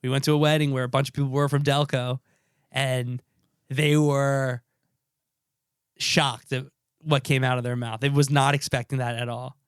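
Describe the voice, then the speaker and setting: Smooth-voiced joking male podcast host. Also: mid-range voice, little pitch movement, moderate pace, pauses often, dry recording, studio quality. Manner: joking, loose, swears casually. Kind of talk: casual chat.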